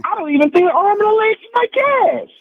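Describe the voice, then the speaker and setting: A man's voice: very high voice, lively intonation, fast talker, no room sound, narrow, tinny audio. A man voicing a pushy, complaining male prank caller who keeps whining that he gets cut off. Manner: whiny, complaining, interrupting.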